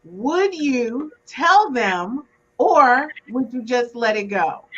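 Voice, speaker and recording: A woman hosting a casual podcast game, briskly moving her guests along. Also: fairly high pitch, expressive, muffled recording. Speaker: podcast host. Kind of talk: casual chat, game host.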